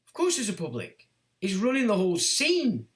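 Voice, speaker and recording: Middle-aged man hosting a livestream, blunt and mocking, high-pitched, roomy echo. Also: normal speed. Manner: blunt, animated, mocks whiners in put-on voices. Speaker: livestream host reading chat comments. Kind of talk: casual livestream monologue.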